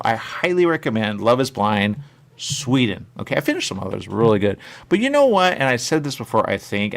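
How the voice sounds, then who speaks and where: A man's voice: medium pitch, vocal fry. A male radio show host chatting casually and rambling, repeating his catchphrases. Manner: repetitive, animated, catchphrase-heavy. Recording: radio studio mic.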